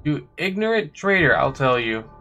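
A gamer voicing a proud, cold swordsman villain who tells an old tale slowly, his tone lifted a little above a bright, forceful base. Faint game music plays underneath. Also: a little high, sing-song, highs cut off, voice pushed up, full character voice.

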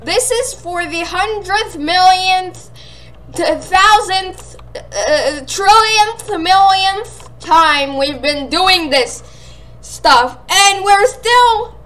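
High-pitched young woman, lively gameplay commentary, unhurried delivery, faint background hiss. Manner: excitable, squealing and laughing. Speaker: gaming channel host.

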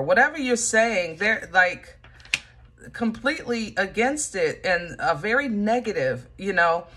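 A woman with a husky, breathy voice at a middle pitch gives a casual tarot reading. She is animated and joking, full of fillers, and speaks straight to the listener. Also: unhurried. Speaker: tarot reader.

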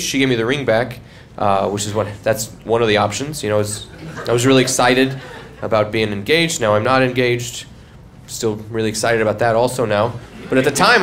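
A young man telling stand-up stories with a wry, deadpan-turned-incredulous delivery. He works a club stage on a live comedy album, with audience sound clearly present behind him. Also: mid-range voice, a little hiss or hum. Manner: wry storytelling with quick punchlines. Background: audience laughing.

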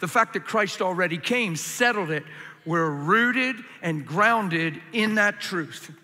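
A man preaching a sermon to a crowd in a large hall, passionate, acting out complaining voices in a higher tone. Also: lively intonation, takes it slowly, sharp tone.

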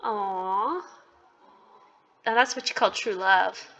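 A woman hosting her gaming channel, talking emotionally and softly as she plays through a story game. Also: medium pitch, slow pace, faint music behind, poor audio. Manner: emotional, gushing and soft-spoken. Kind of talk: let's-play commentary.

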